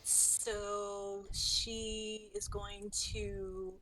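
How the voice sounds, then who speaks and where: A woman playing a tabletop game online at a slow pace. She thinks aloud, hesitating with many fillers as she describes her turn. Faint music plays behind her. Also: mid-range voice, little pitch movement, pushed and bright, poor audio. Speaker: player.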